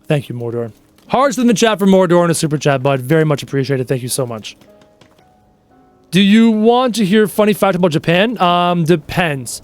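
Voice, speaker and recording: Male streamer, 30s, high-ish voice, animated and chatty with viewers, faint music bed. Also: moderate pace. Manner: chatty, animated storytelling, answers chat questions. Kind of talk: casual live-stream chat.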